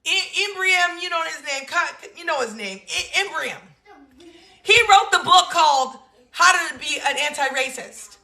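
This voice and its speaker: A woman in her thirties hosting her own show, giving animated, sassy political commentary, exclaiming and laughing often. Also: very high voice, unhurried, gravelly. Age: 30s. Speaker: host.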